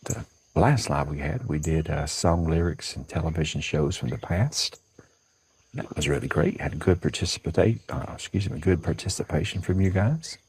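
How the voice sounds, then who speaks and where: Southern guy hosting a live stream, super deep raspy voice, chatty, thanks folks by name. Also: moderate pace, darkish tone, poor audio. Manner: chatty, greets viewers by name. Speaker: livestream host. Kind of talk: casual livestream chat. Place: porch outdoors at dawn.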